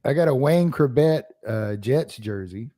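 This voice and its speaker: A man's voice: medium pitch, expressive, moderate pace, mellow, no room sound, clean studio sound. A man co-hosting a sports podcast, chatting casually and joking. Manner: joking, laughs often. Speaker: podcast co-host. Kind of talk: casual chat.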